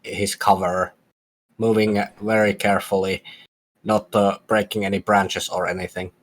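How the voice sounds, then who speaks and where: A man playing a tabletop game, describing his character's actions with many pauses. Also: on the low side, level tone, poor audio. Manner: halting, many fillers. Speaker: player.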